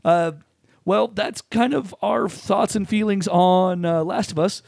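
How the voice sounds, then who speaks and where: A man's voice: sits high, slow pace, vocal fry, darkish tone, no room sound, studio quality. A man hosting a casual podcast chat, laid-back and answering with short okays. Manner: laid-back, lots of short "okay" responses. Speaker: podcast host.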